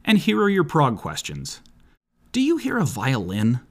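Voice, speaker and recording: A man voicing a brash male metalhead fan who quizzes the listener bluntly and excitably. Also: mid-range voice, a little slow, pitched above the performer's own voice, full character voice. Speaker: comedic character bit.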